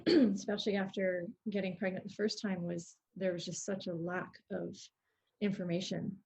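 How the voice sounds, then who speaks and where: A woman's voice: medium pitch, moderate pace, vocal fry, a little mellow. A middle-aged woman, a fitness educator, speaking thoughtfully as a podcast guest, with fillers and restarts, on a dull lo-fi recording. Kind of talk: casual interview chat. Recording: dull lo-fi sound.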